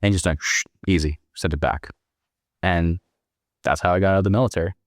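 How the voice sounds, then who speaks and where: A man's voice: deep voice, a little fast, no echo, studio quality. A man in his thirties from Northern California, a podcast guest telling his story in a laid-back, profane way and acting out the people he quotes. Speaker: podcast guest, military veteran. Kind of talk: casual storytelling interview.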